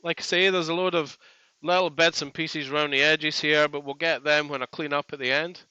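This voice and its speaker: A man's voice: fairly high pitch, steady tone, a little fast, pushed and bright, clean tone, no room sound, lo-fi sound. A man hosting a woodworking live stream, chatting in a rambling, joking way from his workshop. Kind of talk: casual live stream chat. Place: home workshop.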